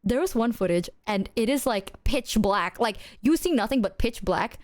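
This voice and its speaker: A young adult woman streamer chatting casually, animated and giggly, swearing freely as she tells stories. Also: a little high, moderate pace. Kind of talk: casual chat.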